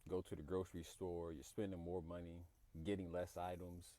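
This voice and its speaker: A man's voice: sits low, little pitch movement, normal speed, warm tone. A man giving earnest, explanatory commentary on the cost of living. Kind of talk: reflective commentary to camera.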